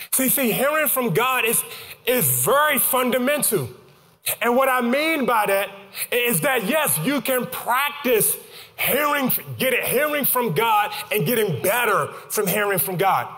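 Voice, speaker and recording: A man preaching a sermon as pastor, calling out to the congregation and swinging into sung, shouted cadences. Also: extremely high pitch. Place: church sanctuary. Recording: church hall reverb with music behind.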